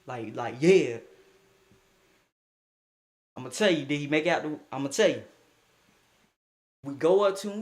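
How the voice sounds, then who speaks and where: A young man casually telling a story, animated, slangy and breaking into laughing asides. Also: fairly high pitch, measured pace, long pauses.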